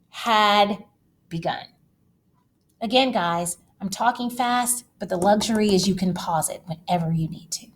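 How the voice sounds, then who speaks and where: A woman teacher giving a recorded history lecture, lively and dramatic, speaking straight to her students. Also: a little high.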